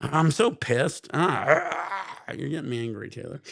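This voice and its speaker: A man's voice: a little high, huge pitch swings, takes it slowly, creaky, husky. A man hosting a casual livestream, chatting with viewers, laughing a lot and breaking into profane rants. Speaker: livestream host.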